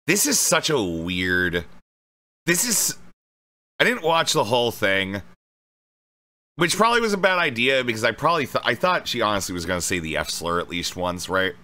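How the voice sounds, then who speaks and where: Animated, bright-voiced male streamer. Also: fairly low pitch. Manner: loose, profane, addresses chat directly. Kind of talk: casual live-stream commentary.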